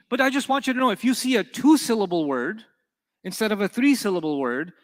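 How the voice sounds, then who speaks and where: A middle-aged man teaching an Arabic class, lecturing lively and quizzing his students with questions. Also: high-pitched. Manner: animated, asks the class questions. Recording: long hall reverb.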